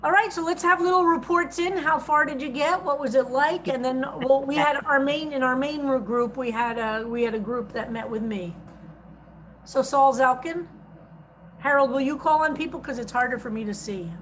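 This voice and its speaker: A woman's voice: high-pitched, fairly even intonation, moderate pace, a bit bright, a little hiss or hum, poor audio. A woman rabbi teaching a psalm study class over a video call, patiently explaining Hebrew grammar and reading translations aloud.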